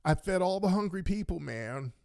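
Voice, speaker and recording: A man voicing an awkward male coworker who talks in a hushed, earnest, overfamiliar way. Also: high-pitched, animated, normal speed, creaky, no room sound, clean studio sound. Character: awkward male coworker trying too hard.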